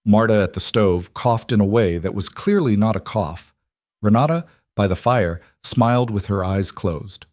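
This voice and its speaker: A man narrating a romance audiobook in a measured, even storytelling manner. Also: on the low side, dry recording.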